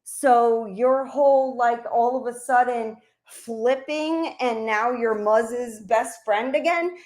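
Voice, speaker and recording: A woman's voice: on the high side, slow pace, darkish tone. A middle-aged woman streamer delivering an angry, profane, confrontational rant to her audience. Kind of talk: heated livestream rant.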